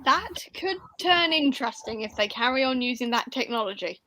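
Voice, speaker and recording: A woman's voice: a little high, animated, fairly quick, sharp tone, dry recording. A woman chatting casually about a book over a video call, upbeat and thinking aloud.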